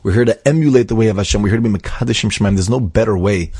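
A man from Brooklyn, telling an animated inspirational anecdote and acting out the dialogue. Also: racing, husky, no room sound, clean studio sound. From Brooklyn, New York. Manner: animated, acts out dialogue with big pitch jumps. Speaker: storyteller.

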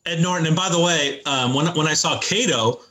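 Rambling man with a slightly high voice. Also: a little fast, over a noisy crowd. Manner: rambling, hesitant, full of ums. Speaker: podcast co-host. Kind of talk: casual comedic banter.

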